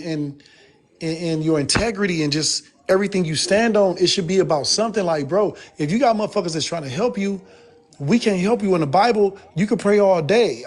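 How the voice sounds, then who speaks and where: A man, a guest on a live stream, ranting in a profane, emphatic and rambling way after he has been drinking. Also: high-pitched. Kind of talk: heated casual rant.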